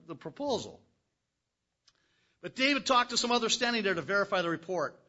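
A man preaching a conversational sermon, reading scripture with folksy, animated asides. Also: high voice, brisk, pauses often, lo-fi sound. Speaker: pastor.

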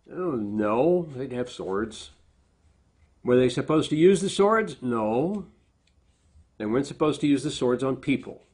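Man, pastor, sermon, husky voice, reads verses with emphasis, plain asides. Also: on the high side, darkish tone. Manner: reads scripture aloud with rising emphasis, then explains plainly.

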